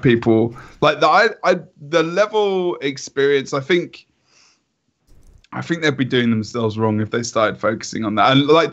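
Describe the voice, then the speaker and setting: A man co-hosting a casual gaming podcast, relaxed and opinionated with lots of fillers. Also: medium pitch, vocal fry. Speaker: podcast co-host. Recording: muffled lo-fi audio.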